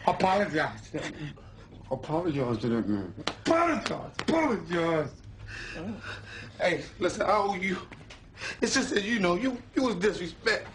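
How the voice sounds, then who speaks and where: A man acting out his own inner voice, pleading with himself to calm down and apologize. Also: high-pitched, unhurried, long pauses, a little hiss or hum, pitched above the performer's own voice.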